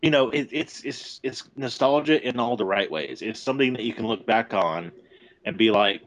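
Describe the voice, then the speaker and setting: A man with a deep voice co-hosting a podcast, chatting casually with laughs, restarts and swearing. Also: normal speed, a bit bright, rough recording. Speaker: podcast co-host. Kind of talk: casual chat.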